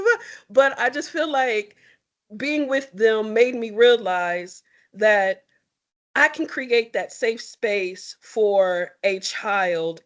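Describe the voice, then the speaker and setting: Casting: young adult woman, slightly high voice, candid, expressive, emotional podcast co-host. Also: slow, muffled recording. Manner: expressive, tearful at times, candid. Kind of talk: emotional heartfelt conversation.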